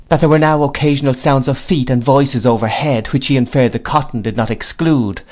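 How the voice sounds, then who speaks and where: A man reading a classic novel aloud in a measured, deliberate narration. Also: medium pitch. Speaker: audiobook reader.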